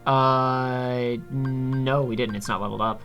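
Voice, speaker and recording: A man's voice: mid-range voice, fairly even intonation, slow pace, fairly bright tone, soft background music. A man casually chatting through a video game playthrough, explaining menus and poking fun at himself. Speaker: co-host guiding a let's play. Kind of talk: casual gameplay chat.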